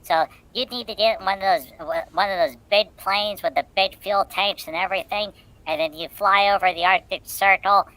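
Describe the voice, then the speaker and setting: A woman's voice: medium pitch, moderate pace, sharp tone, low-quality recording. A woman co-hosting a casual chat show, telling rambling jokes with many fillers. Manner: rambling joking storyteller. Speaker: co-host.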